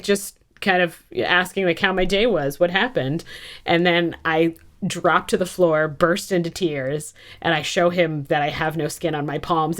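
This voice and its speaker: A woman's voice: sits low, fairly even intonation, normal speed. A woman in her thirties, a podcast guest telling stories about her life in a candid, self-mocking way. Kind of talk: casual podcast interview.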